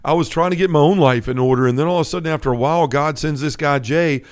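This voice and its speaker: A man's voice: fairly high pitch, fast talker. A middle-aged man hosting a faith podcast, sharing his personal testimony in an earnest, conversational way, often checking in with "right?". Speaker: podcast host.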